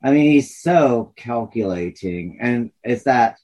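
A man co-hosting a casual fan podcast, making measured, thoughtful remarks. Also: medium pitch, lively intonation, darkish tone, rough recording. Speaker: podcast co-host.

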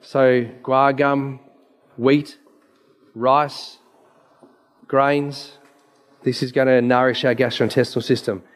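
A man's voice: mid-range voice, little pitch movement, takes it slowly, long pauses. A man, a naturopath giving an emphatic, story-filled presentation with slides.

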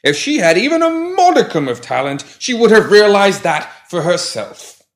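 A man's voice: high voice, sing-song, pitched above the performer's own voice. A man voicing a pompous, testy man trapped in a pram, muffled and indignant. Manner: indignant, haughty, drawn-out.

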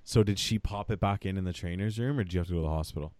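A man hosting an interview podcast, excitedly reading out a guest's stats in casual chat. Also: deep voice, very fast, no room sound, studio quality. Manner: enthusiastic, reads out stats. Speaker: podcast host.

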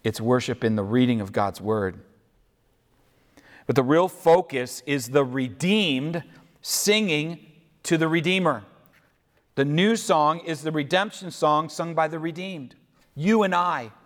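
Slow-preaching man in an echoing hall. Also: on the high side. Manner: slow, deliberate preaching with questions to the listeners. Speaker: pastor. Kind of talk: sermon. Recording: echoey hall reverb.

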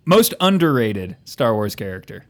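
A man's voice: on the low side, sing-song, moderate pace. Wry man hosting a casual podcast. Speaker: podcast host. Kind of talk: casual chat.

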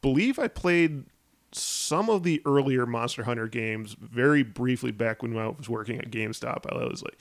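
A young man with a gravelly voice talks casually as a podcast co-host. He is laid-back and hesitant, full of fillers, recorded dry and close. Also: mid-range voice, moderate pace, dry recording. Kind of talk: casual chat.

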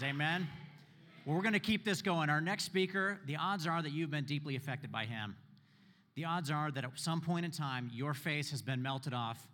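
A man's voice: fairly high pitch, bright, forceful tone. A man hosting a church event, energetically hyping the crowd as he introduces the next speaker. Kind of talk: hype introduction. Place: church auditorium. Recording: reverberant hall with crowd noise.

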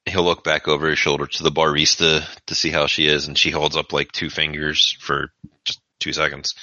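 A man with a very low voice narrates a tabletop game as its game master in a loose, casual way. His tone is bright and forceful, and the audio is dry and dull like a lo-fi podcast recording. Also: monotone, normal speed, dry recording.

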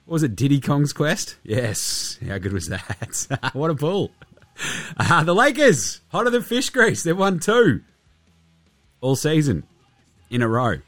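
A man's voice: mid-range voice, very animated, slow pace, pauses often, dry recording, faint music behind. An Australian man with a nasally, under-the-weather voice, hosting a podcast in a studio in a jokey, rambling, self-mocking way. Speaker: podcast host. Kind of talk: casual chat.

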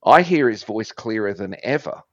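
A man's voice: lowish voice, lively intonation, normal speed, a bit bright, dry recording. A man tells stories in a rambling, self-deprecating way, sometimes slipping into voices. The sound is dry and close, a bit muffled in the top end. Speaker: podcast guest, former musician. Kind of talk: casual conversational storytelling.

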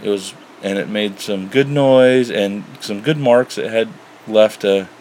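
A man with a somewhat low voice talks casually and haltingly, agreeing often and searching for words. A faint hiss of noise sits under the recording. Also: low-quality recording. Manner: halting, lots of "you know" and "right", soft-spoken. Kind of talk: casual candid chat.

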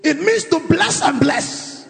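A man preaching a sermon as pastor, calling out declarations and leading prayers with shouted emphasis. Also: very high voice, animated, slow, gravelly. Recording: long reverb, faint music.

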